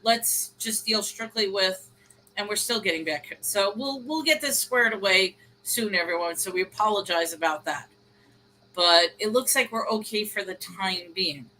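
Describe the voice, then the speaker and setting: Bright-voiced chatty woman on a call. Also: mid-range voice, normal speed, a little hiss or hum, rough recording. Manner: chatty, storytelling, laughs easily. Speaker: co-host. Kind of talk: casual chat. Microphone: video call.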